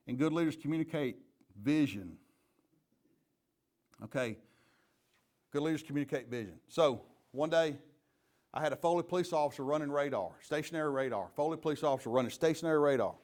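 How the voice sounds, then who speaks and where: A man's voice: fairly high pitch, a little fast, long pauses. A middle-aged man, a police chief giving a leadership training talk full of folksy, joking stories. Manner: lively storyteller, folksy and joking.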